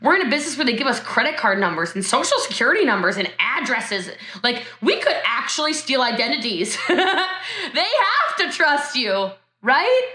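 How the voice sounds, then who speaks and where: A woman's voice: high-pitched, bright, forceful tone, roomy sound. A woman giving a motivational talk on network marketing over a video call from her home, emotional and laughing as she speaks straight to her viewers.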